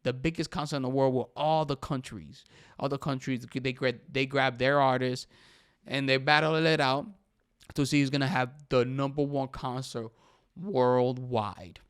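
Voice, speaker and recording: Animated young man podcasting, smooth voice. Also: medium pitch, normal speed, no room sound, clean studio sound. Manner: animated, emphatic, says "bro" often. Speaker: podcast host. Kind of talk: casual solo podcast commentary.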